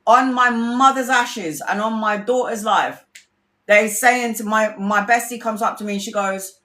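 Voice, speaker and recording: A woman's voice: a little high, fairly even intonation, unhurried, fairly bright tone, reverberant. A woman tarot reader telling stories in casual livestream chat. She is blunt and chatty, swears freely and acts out her friends' lines.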